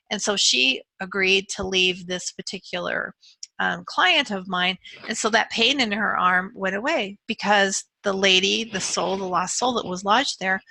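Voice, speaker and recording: Woman, soul regression practitioner, earnest gentle talk, bright tone, dry close recording. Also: medium pitch, creaky, no echo. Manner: gentle, earnest, spiritual talk with frequent fillers. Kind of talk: casual talk to camera.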